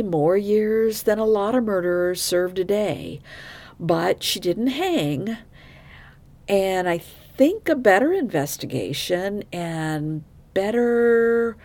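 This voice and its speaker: A woman narrates a true crime case for her podcast listeners. She talks slowly and takes her time. Her pitch rises and falls a lot, and she offers her blunt opinions between the facts. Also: darkish tone. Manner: opinionated, conversational, frank asides. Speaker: podcast host.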